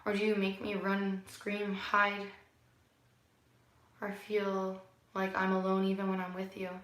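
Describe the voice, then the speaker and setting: A woman vlogger in a rambling spiritual monologue, musing and preachy, often sighing and laughing softly. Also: medium pitch, monotone, unhurried. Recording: very echoey room, far from the mic.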